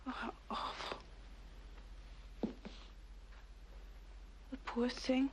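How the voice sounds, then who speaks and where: An actress playing a sensitive young woman who questions her mysterious lover earnestly in a 1970s TV drama. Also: mid-range voice. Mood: tender whisper. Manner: earnest, probing, turns soft and breathy when tender.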